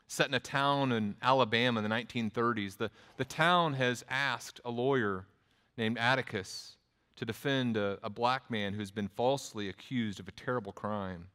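Male Texan preacher, mid-pitched, chatty sermon delivery, long room reverb. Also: normal speed, sharp tone, clear, resonant tone. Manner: conversational preaching with restarts and quoted asides. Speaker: pastor.

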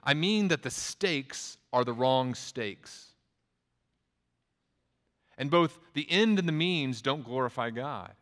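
A man with a Texas accent, preaching a sermon in a relaxed, conversational way, with frequent restarts and quoted asides. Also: medium pitch, slow, long pauses. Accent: Texan. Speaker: pastor. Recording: long hall reverb.

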